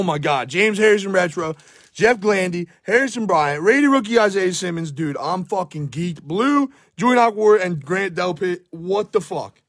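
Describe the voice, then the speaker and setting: A young man with a hoarse, worn-out voice, frantically narrating a card pack opening at home, swearing and shouting in disbelief while filming on his phone. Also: fairly high pitch. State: hoarse, voice shot. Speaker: sports card pack breaker. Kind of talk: hyped live pack-opening commentary. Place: at home by a table.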